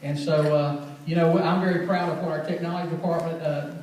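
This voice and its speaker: A man's voice: a little high, steady tone, a little fast, a little mellow, a little hiss or hum. A man leading a school system, giving a rambling welcome speech at a school assembly with many restarts and thanks. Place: school assembly hall, indoors. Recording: echoey hall from far off.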